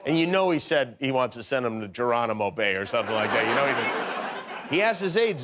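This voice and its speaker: A man's voice: medium pitch, very animated, brisk, noisy background. A man hosting a late-night show, delivering a joking monologue and chuckling at his own punchlines. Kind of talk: comedy monologue.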